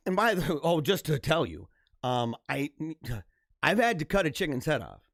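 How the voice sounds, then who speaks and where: A man in his thirties hosts a live stream from his computer, talking in a loose, rambling way and laughing a lot. His voice sits a little high. The sound is dry and close, with no room around it. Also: moderate pace, no echo. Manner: rambling, energetic, laughs often. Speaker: livestream host. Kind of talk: casual live-stream chat.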